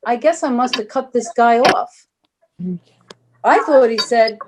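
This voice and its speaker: A woman's voice: fairly high pitch, unhurried, slight background noise. A woman in her sixties from New York doing a stand-up set with a dry, wry delivery. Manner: dry, wry deadpan delivery of one-liners. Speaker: stand-up comic. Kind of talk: stand-up set over video call.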